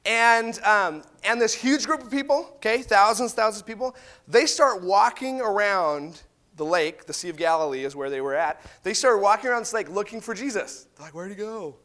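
A man's voice: high voice, moderate pace. A man giving a casual, chatty Bible talk, retelling the story and acting out the people's voices. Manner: animated, chatty, acts out voices.

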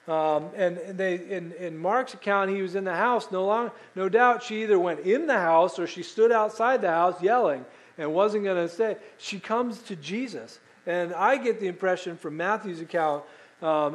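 Brief: middle-aged male pastor, high voice, lively preaching style, asks the room questions. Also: poor audio. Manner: animated, asks the congregation questions; acts out quoted voices. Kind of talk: sermon.

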